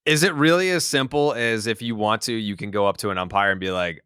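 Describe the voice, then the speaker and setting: A man's voice: fairly low pitch, fast talker, pushed and bright, clear, resonant tone. A man hosting a podcast, laid-back, with short reactions, laughter and casual cursing. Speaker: podcast host.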